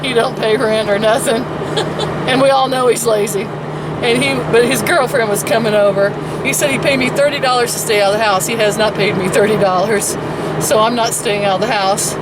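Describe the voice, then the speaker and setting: An older woman hosting her own vlog in chatty, self-mocking talk, laughing often. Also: fairly high pitch. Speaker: vlog host. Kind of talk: casual vlog chat. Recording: distant voice with background noise.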